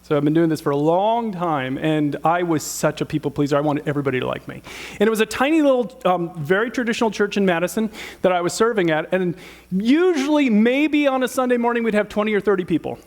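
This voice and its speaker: Pastor in his fifties: higher-than-usual male voice, storytelling sermon, rhetorical questions to the room. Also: expressive, fast talker. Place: church hall with audience.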